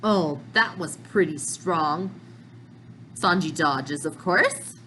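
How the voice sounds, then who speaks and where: Slow easygoing lady reading manga panels out loud and commenting, bit of faint noise behind. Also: low-pitched, rough recording. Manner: measured, thinking aloud between panels. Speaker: manga reaction channel host.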